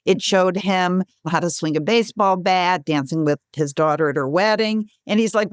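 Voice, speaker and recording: A woman in her sixties, a guest author and speaker, telling stories in an interview with lively, laughing delivery. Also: normal speed, few pauses, no room sound, studio quality. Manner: animated, acts out quotes with bright pitch jumps, laughs often. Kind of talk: conversational storytelling.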